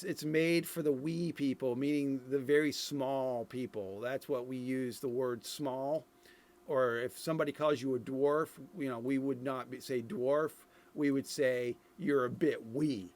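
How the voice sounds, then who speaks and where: A middle-aged Irish man with a mid-range, darkish voice casually comments on game footage, thinking out loud with lots of fillers and restarts. He's a streamer reviewing game dev footage.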